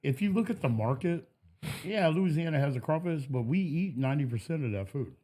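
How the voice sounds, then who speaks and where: A man's voice: a little high, animated, fairly quick, warm tone. A man, a podcast guest, telling laid-back stories in casual chat and laughing often. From Texas.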